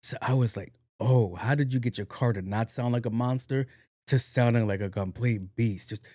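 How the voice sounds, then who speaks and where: A young man hosts a podcast and tells a rambling story, lively, swearing freely and joking at his own expense. His voice sits in a middle register and comes through close and dry, with almost no room sound. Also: medium pitch, moderate pace, dry recording. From New York. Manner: animated, profane, self-mocking storyteller. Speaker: podcast host. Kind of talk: casual storytelling monologue.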